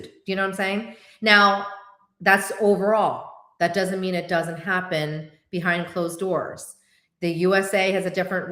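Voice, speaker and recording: A woman hosting a casual chat, answering viewer questions with quick asides and acted-out quotes. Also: on the low side, fairly bright tone, reverberant.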